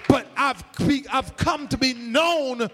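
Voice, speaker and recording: A man preaching a sermon in a church, with rhythmic, sing-song cadences that swell into shouts. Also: extremely high pitch, takes it slowly, long reverb tail, slight background noise.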